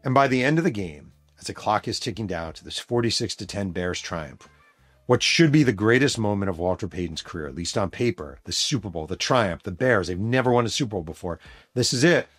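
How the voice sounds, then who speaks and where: A man's voice: on the low side, normal speed, no echo, faint music behind. A man hosting a podcast, telling a story in a casual, emphatic way with plenty of swearing. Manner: emphatic, profane, animated storyteller. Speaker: podcast host and author.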